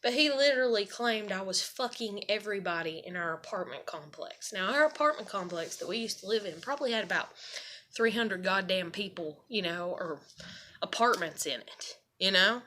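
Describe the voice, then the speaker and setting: A woman's voice: medium pitch, animated, moderate pace, bright, forceful tone. A woman talking to camera at home in a casual, rambling confessional monologue, swearing freely and filling her speech with "you know" and "like.". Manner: rambling and profane, many fillers. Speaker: vlogger. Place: her own apartment.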